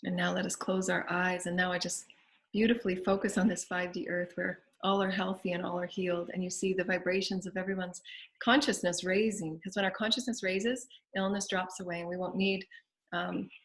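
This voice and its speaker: A woman's voice: fairly low pitch, flat delivery, fairly quick. A woman with a Southern US accent hosting a spiritual show, leading guided affirmations and prayer in a repetitive, incantatory way.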